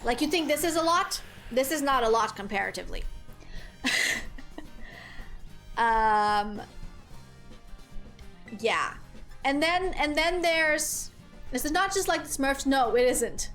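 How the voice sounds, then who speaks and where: A woman giving casual gameplay commentary as a streamer. She is chatty and rambling, with lots of "like", and excitable. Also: sits high, slow pace, long pauses, soft background music. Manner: chatty and rambling, heavy use of "like"; excitable, squeals with delight. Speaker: game streamer.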